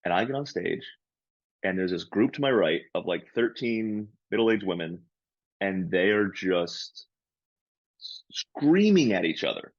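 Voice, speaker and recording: A man's voice: low voice, measured pace, dry recording, muffled recording. A man, a comedian and podcast co-host, telling a story in casual chat and acting out the lines of the people in it. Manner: animated storyteller, acts out quoted lines loudly.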